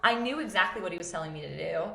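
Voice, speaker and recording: A woman hosting a casual faith talk, telling a personal story with animated acted-out quotes. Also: fairly low pitch, very fast, vocal fry, reverberant. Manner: animated, acts out her own quotes. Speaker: podcast host.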